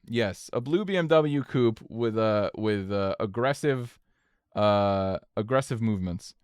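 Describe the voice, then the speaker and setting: A young man tells a wild story on a podcast, casual and loose with his language. His voice is smooth and clear, and it sits in a dry, close-miked room. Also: fairly low pitch, unhurried, dry recording. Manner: animated, profane storytelling with swings in energy. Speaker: podcast co-host.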